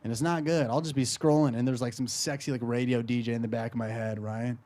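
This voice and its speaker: A man's voice: mid-range voice, fairly even intonation, fast talker, dark tone. A young man doing brash, crude stand-up comedy live on stage, often laughing at his own jokes.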